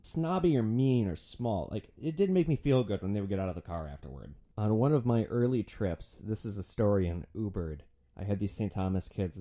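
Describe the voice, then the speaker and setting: A man's voice: fairly low pitch, dark tone. A young man hosting a podcast, telling comedic stories in a sardonic, profane way. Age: young adult. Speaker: podcast host, former rideshare driver. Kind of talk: comedic storytelling monologue.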